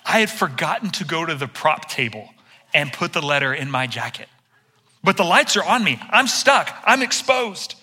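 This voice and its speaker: A middle-aged male pastor telling a self-deprecating personal story in an animated sermon. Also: fairly high pitch, normal speed, breathy edge.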